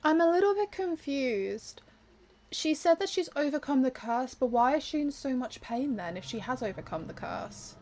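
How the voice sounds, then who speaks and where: Casting: woman gamer, higher voice, casual running commentary, unsure, sympathetic, faint noise behind. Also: expressive, normal speed, a little mellow. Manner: thinks aloud, sympathetic, hesitant. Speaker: gamer playing through a story game. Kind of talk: casual let's-play commentary.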